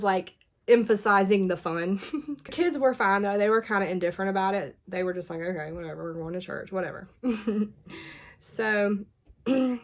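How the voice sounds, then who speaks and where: A woman's voice: lowish voice, vocal fry. A woman in her thirties, host of her own channel, telling her faith story in a chatty, candid way, with many fillers, restarts and little laughs between thoughts. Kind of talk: casual confessional storytelling.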